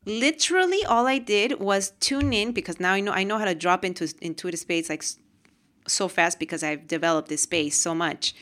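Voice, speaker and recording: A woman from Peru talking to camera about her own experiences, with animated, emotional storytelling. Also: medium pitch. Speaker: host. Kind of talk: casual monologue to camera.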